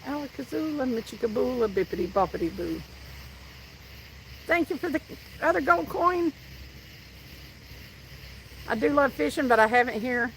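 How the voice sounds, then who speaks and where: Her pitch sits high and her delivery is animated, at a normal speed with frequent pauses. She's a woman with a Southern US accent hosting a casual outdoor fishing stream, where she chats, reads out viewer comments, and spins stories. The low-quality recording carries slight background noise.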